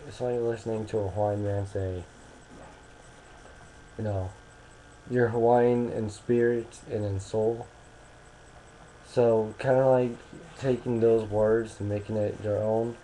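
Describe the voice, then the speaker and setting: A man's voice: fairly low pitch, warm tone, a little hiss or hum, poor audio. A young American man talking casually into a webcam, rambling and hesitant with many restarts. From United States.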